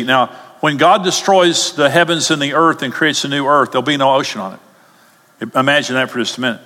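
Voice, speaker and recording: A man's voice: mid-range voice, fairly quick, sharp tone. A male pastor preaching a sermon emphatically, his voice rising as he gets stirred up. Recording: long hall reverb.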